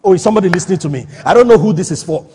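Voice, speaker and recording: A man's voice: high-pitched, expressive, very fast, warm tone, slight background noise. A man preaching a sermon, emphatic, often asking his listeners whether they understand. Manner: emphatic, rhetorical questions to the congregation. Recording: echoey hall reverb.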